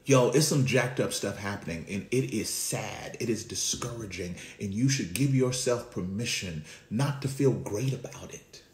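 A man preaching a sermon as pastor, talking in a conversational way with slang. His call-and-response delivery swings from hushed lows to shouting. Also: moderate pace, hardly any pauses, reverberant.

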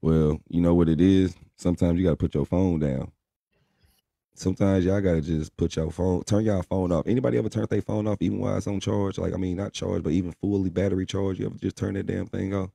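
Deep, blunt man on a late-night live stream. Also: steady tone, fast talker, vocal fry, mellow, no echo. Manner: blunt, profane, preachy pep talk. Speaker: livestream co-host. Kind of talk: casual live stream chat.

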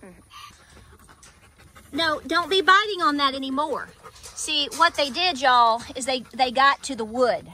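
Chatty high-voiced Appalachian farm woman. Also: takes it slowly, long pauses, a little hiss or hum. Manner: chatty and rambling, coos softly to her animals. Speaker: homesteader. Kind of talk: casual farm vlog. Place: outdoors on a small farm among goats.

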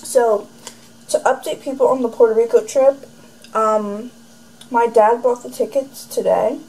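A woman's voice: fairly high pitch, fairly even intonation, measured pace, a little mellow, breathy edge, poor audio. Sarcastic teen girl vlogging at home. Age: teens. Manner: rambling and sarcastic, heavy use of "like". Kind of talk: casual chatty vlog. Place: room at home, indoors. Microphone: camera facing her.

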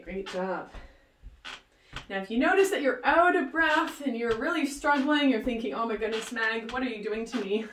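Upbeat fitness instructor, roomy sound. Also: female voice, on the high side, a little hiss or hum. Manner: upbeat, cheering with whoops and countdowns. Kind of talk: leading a workout video. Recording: roomy, voice distant from the mic.

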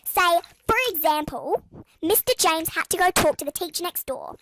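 A woman's voice: extremely high pitch, moderate pace, a bit bright, a little hiss or hum. A young woman telling school storytime gripes in a sarcastic, exasperated way, with music playing behind. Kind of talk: storytime narration.

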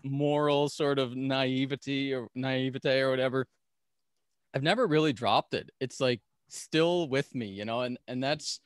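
Male podcast guest, mid-pitched, animated storyteller who laughs a lot; close, dry mic. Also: a little slow, clear, resonant tone, dry recording. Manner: animated, laughs often, acts out quoted voices. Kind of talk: storytelling in a casual interview.

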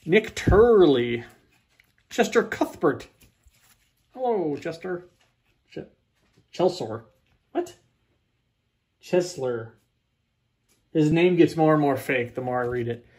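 Husky man rattling off card names. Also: a little high, expressive, slow pace, pauses often, a little mellow. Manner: rattling off player names, joking asides. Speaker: card breaker. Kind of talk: casual card-opening chat.

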